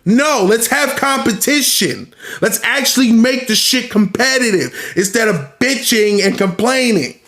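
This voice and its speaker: A man's voice: very high-pitched, unhurried, fairly bright tone, reverberant. A man hosting a podcast, ranting in casual commentary with lots of profanity and exasperated rhetorical questions. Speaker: podcast host.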